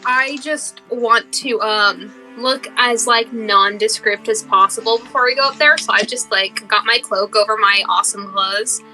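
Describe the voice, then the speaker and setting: A woman's voice: a little high, moderate pace, hardly any pauses, pushed and bright, faint music behind. A woman playing a tabletop game, chatting in an easygoing, offhand way. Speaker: player. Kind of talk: casual chat during a tabletop game.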